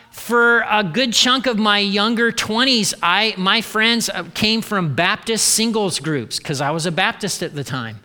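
A man's voice: high-pitched, sharp tone, in a large hall. A man preaching a sermon in a casual way with joking asides. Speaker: pastor.

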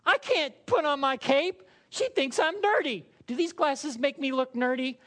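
A man voicing a self-pitying superhero in a high, loud whine. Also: animated, normal speed. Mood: whiny. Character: whiny insecure male superhero, young adult.

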